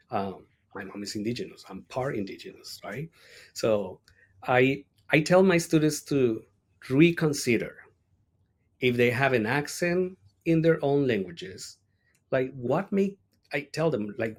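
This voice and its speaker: A man from Colombia with a Colombian Spanish accent, a teacher explaining patiently as an interview guest, with frequent "right?" tags. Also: medium pitch. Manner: explanatory, uses many rhetorical "right?" tags. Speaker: ESL instructor, podcast guest. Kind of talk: interview conversation.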